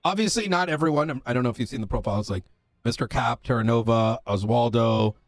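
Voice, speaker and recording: A man's voice: mid-range voice, fast talker, dry recording. A man playing a police officer in a roleplay game, talking in character in an earnest, lecturing way, stopping often with fillers.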